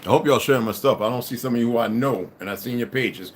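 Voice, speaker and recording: A man hosting a casual livestream, reading aloud and commenting in a rambling way, dropping to mutters and rising to loud outbursts. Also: medium pitch, fast talker, slight background noise.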